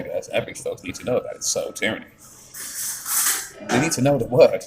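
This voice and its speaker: A man's voice: fairly low pitch, moderate pace, a crowd in the background, rough recording. A man with a Yorkshire accent chatting on a live stream, rambling, swearing freely and reading out chat messages. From England.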